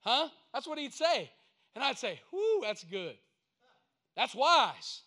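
High, bright-voiced preacher. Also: male voice, big pitch swings, takes it slowly. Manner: folksy storytelling preaching, rising to emphatic points. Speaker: pastor. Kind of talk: sermon.

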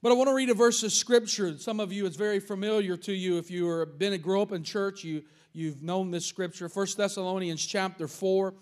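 Pastor, male, very high voice, emphatic sermon delivery with repeated words for stress. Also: steady tone, a little fast, hardly any pauses.

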